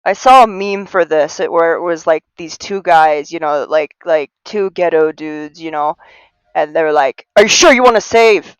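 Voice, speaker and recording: A woman streaming a game live, talking through it in a rambling, self-mocking way and breaking into panicked yells. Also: deep voice, steady tone, moderate pace, clean tone, dry recording, low-quality recording. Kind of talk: live gameplay commentary.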